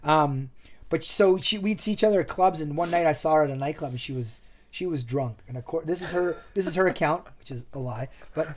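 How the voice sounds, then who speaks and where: Man telling a rambling story, slightly high voice. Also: brisk. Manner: animated, acts out quoted dialogue; loose, rambling with restarts. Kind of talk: casual storytelling chat.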